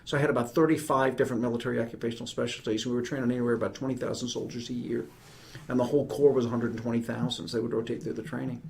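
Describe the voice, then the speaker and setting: A brisk, quick-spoken man in his fifties with a New York accent, talking as a guest on a podcast. He tells stories in an animated, emphatic way, with a voice of middling pitch. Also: gravelly. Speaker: guest, retired army general. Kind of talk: conversational podcast interview.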